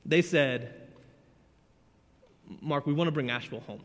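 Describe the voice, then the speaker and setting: A man, preaching a sermon as a youth pastor, earnest and emotional, swinging between loud and hushed. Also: on the high side, moderate pace. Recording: church hall with long reverb.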